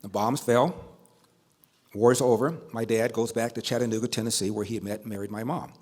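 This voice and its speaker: A man's voice: medium pitch, fairly even intonation, brisk, a little mellow. An older man giving a storytelling speech at a banquet, building emphasis through repetition. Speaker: speaker at a banquet.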